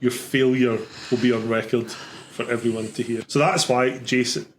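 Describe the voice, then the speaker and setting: A man's voice: medium pitch, level tone, normal speed, slight background noise. A man co-hosting a podcast in casual chat, teasing his friends and laughing often. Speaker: podcast co-host.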